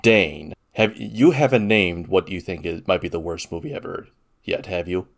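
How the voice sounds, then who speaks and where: A man hosting a podcast who talks in a halting way with many restarts and excited swings in casual chat. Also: deep voice, creaky. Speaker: podcast host.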